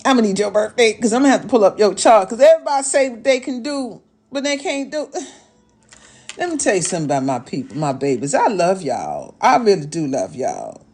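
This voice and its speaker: A woman with a medium-pitched, sing-song voice, brisk and a little mellow with a breathy edge, hosts a casual astrology livestream. Playing an elder mama persona, she's sassy and motherly, calling viewers "babies" and "y'all" while scolding and teasing them.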